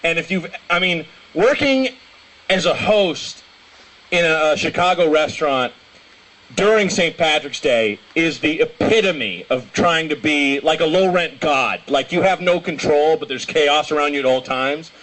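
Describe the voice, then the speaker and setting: A young man doing a stand-up comedy set, telling rambling stories and breaking into shouted impressions. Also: fairly high pitch, lively intonation, measured pace. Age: young adult. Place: small comedy show venue.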